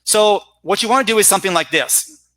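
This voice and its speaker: A man's voice: high-pitched, brisk, pushed and bright. A middle-aged man giving a conference talk on teaching vocabulary, explaining with energy and checking in with his listeners with "right?" and "all right?". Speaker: ESL teacher presenting at a conference.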